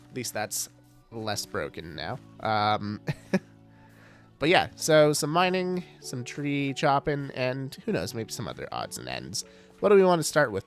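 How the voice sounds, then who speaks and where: A man streaming a game live, chatting casually and greeting viewers, with many fillers. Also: mid-range voice. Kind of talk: casual livestream chat.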